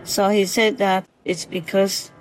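A soft-spoken vlogger who talks gently and affectionately, as in a spoken diary at night. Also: mid-range voice, level tone, unhurried, faint music behind, low-quality recording. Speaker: vlogger speaking to a visiting fox spirit. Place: outdoors at night by a forest.

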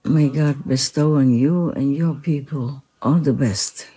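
Speaking slowly at a mid-range pitch, a reverent and humble spiritual teacher converses devotionally with a breathy edge. The voice is soft and a bit strained, broken by gentle laughs, and the recording is low quality.

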